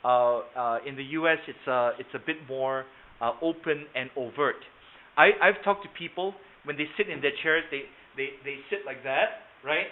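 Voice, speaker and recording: This sales trainer speaks at medium pitch and a moderate pace during a live webinar on a video call, with a little hiss or hum in the tinny, phone-like recording. He's conversational, quizzing his class and repeating words.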